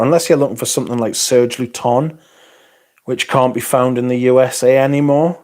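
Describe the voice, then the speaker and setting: A man's voice: medium pitch, moderate pace. A British man hosting a casual livestream, reading chat and answering in a blunt, sarcastic, sweary way.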